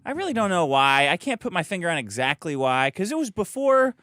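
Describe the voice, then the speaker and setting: This is a man bantering on a comedy podcast, cutting in with dry, quick one-liners. His bright, somewhat high voice jumps wildly in pitch. The recording is close and dry. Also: big pitch swings, no echo. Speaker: podcast co-host.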